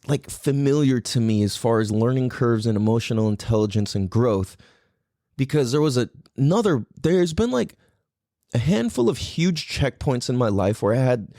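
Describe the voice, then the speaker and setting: A man's voice: mid-range voice, expressive, normal speed, warm tone, dry recording, clean studio sound. A man from California with kids, hosting his own podcast and rambling through a casual solo talk full of swearing and fillers. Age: adult parent. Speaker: podcast host.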